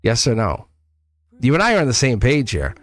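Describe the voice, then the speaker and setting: A man giving a live tarot reading, animated, laughing often and talking straight to his viewers. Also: medium pitch, moderate pace, no room sound. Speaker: tarot reader.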